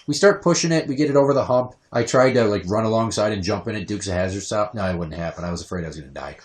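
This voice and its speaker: A man hosting a casual podcast, his voice sitting on the low side. He tells stories in an animated, profane way, swinging into quick rants. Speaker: podcast host.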